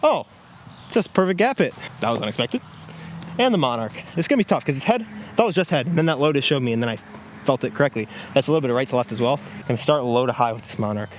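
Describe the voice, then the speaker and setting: On an outdoor disc golf course, a man who reviews discs keeps up casual commentary as he plays, exclaiming after every throw. His medium-pitched voice is animated and quick-paced. The field recording has faint noise.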